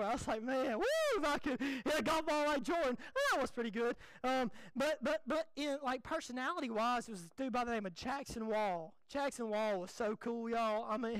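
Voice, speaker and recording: A young man, a pastor preaching a folksy, animated, self-deprecating sermon. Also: very high voice, clean tone, no echo, rough recording.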